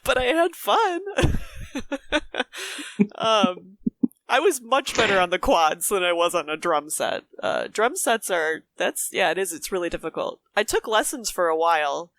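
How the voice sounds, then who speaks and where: Woman, animated and lively pitch, laughs often, dry close sound, casual guest chat. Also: unhurried, no echo. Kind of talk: casual conversation.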